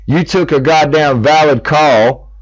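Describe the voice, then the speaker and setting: A man's voice: fairly high pitch, unhurried, dry recording. Angry profane middle-aged man. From United States. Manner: heated, profane, ranting. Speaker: speaker making a public appeal. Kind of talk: angry monologue. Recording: dull lo-fi recording.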